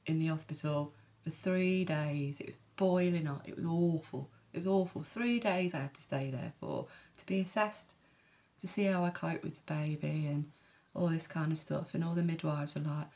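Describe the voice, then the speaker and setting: A woman tells her own story in a frank, rambling way, swearing freely and wandering into asides. Her voice sits slightly low and carries a gravelly, fry-edged texture. She is in her thirties and talks candidly to camera. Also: moderate pace, darkish tone. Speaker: vlogger.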